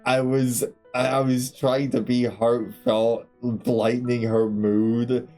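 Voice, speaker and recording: A man's voice: mid-range voice, little pitch movement, slow, darkish tone, soft background music. A man streaming a game, telling candid, profane stories from his childhood and laughing through them. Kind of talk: casual storytelling between game segments.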